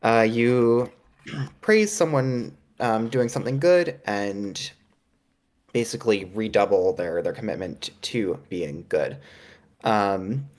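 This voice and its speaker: A woman's voice: very deep voice, animated, slow pace, darkish tone. A woman playing a tabletop game, talking hesitantly with many fillers. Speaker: player. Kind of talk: casual tabletop play.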